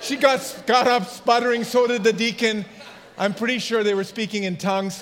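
A man's voice: extremely high pitch, steady tone, moderate pace, noisy background. A middle-aged man, a pastor, preaching a sermon through funny anecdotes and laughing at his own stories. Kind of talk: humorous sermon storytelling. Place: church sanctuary. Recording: long hall reverb.

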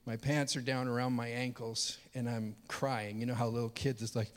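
Guy preaching a sermon, middle-pitched voice, goes quiet then way up loud when it gets emotional, big echoey hall. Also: little pitch movement, normal speed. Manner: earnest, swings from hushed to loud and high when moved. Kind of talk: sermon storytelling. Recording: reverberant hall.

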